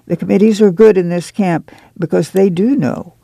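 A man reading the part of a friendly, lean camp manager who talks with easy, chatty warmth. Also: sits high, steady tone, normal speed, gravelly, no echo.

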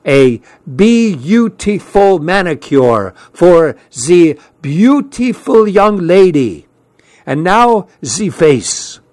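A man's voice: a little high, expressive, takes it slowly, no room sound. A man voicing a chatty middle-school girl who is bossy but friendly, talking in a bubbly, coaxing way. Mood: playful.

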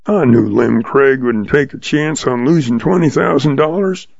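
A man's voice: medium pitch, normal speed, vocal fry, darkish tone, no echo. A man doing a sly, drawling old outlaw. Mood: calm, sly. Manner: patient, drawling, folksy. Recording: dull lo-fi sound.

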